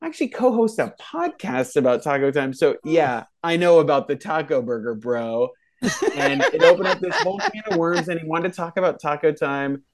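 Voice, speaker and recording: A man's voice: fairly high pitch, moderate pace. A man co-hosting a casual podcast, telling a neighborhood anecdote and acting out the people in it. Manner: animated anecdote teller, voices the people in his story. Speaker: podcast co-host. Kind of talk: casual chat, storytelling.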